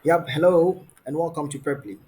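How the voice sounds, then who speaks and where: During an online trial lesson, an encouraging male English tutor on a video call draws out a student with steady questions and repeated phrases. His middle-pitched voice has a husky, breathy edge, and he keeps a moderate pace.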